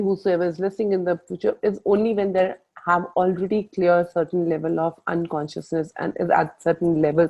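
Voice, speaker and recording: A woman coaches a group over video, her fairly low voice warm with a gravelly edge. She tells her stories animatedly and quotes her inner talk. The audio comes through muffled, typical of a video call.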